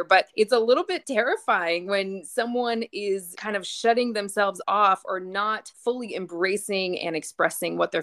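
A woman's voice: medium pitch, a bit bright. A woman hosting a podcast, affirming her guest and asking follow-up questions in casual conversation. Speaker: podcast host.

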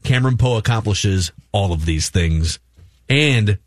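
A man's voice: lowish voice, expressive, unhurried, dry recording, studio quality. A man hosting a casual movie review chat, asking the others questions. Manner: leads the talk, asks the others questions. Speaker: podcast host.

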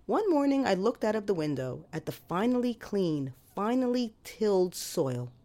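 A woman telling a first-person story in a wry, expressive way with dramatic emphasis. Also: mid-range voice, moderate pace.

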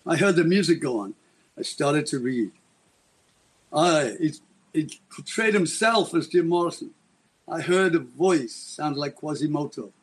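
Male interview guest, husky, a bit high, dramatic rambling storyteller. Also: lively intonation, unhurried.

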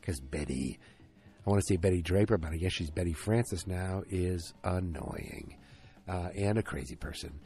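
A man's voice: low voice, normal speed, dark tone. A man casually recapping a TV episode, ranting, swearing and drifting off on tangents.

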